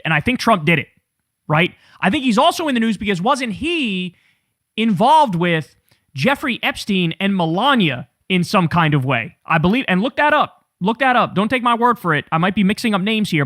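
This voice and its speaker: A man hosting casual political commentary, talking to viewers in an animated, profane, incredulous way. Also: sits high, no room sound, clean studio sound.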